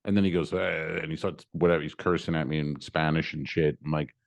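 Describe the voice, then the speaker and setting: A man with a steady bass voice talks fast as he co-hosts a comedy podcast. He casually tells a travel story, acting out both sides of each exchange with exasperation.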